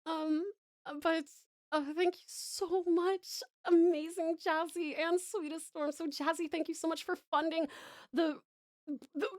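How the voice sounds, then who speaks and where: Australian woman, live streamer, high bright voice, dry close mic, effusive and casually profane. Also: flat delivery, unhurried, no echo. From Tasmania, Australia. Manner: gushing, effusive thanks with casual swearing. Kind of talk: live stream chat with viewers.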